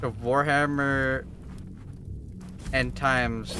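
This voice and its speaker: Excitable, swearing male game streamer. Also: mid-range voice, normal speed, noisy background. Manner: excitable, profane, joking. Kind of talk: live gameplay commentary. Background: game music.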